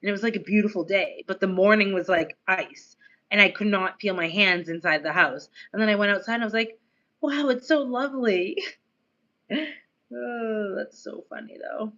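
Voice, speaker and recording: A woman's voice: mid-range voice, normal speed, sharp tone, lo-fi sound. Chatty American woman streamer. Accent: American, slightly Australian-tinged. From United States. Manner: chatty, rambling, lots of "like" and laughing asides. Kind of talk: casual live-stream chat.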